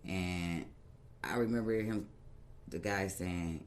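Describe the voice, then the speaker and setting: A woman guest on a podcast, telling her story in a casual, animated way, laughing often and using plain-spoken slang. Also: a bass voice, normal speed, noisy background.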